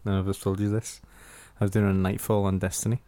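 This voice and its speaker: A man's voice: on the low side, little pitch movement, quick pace, dark tone. A man co-hosting a podcast, swearing and mocking in casual banter. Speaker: podcast co-host. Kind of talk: casual chat.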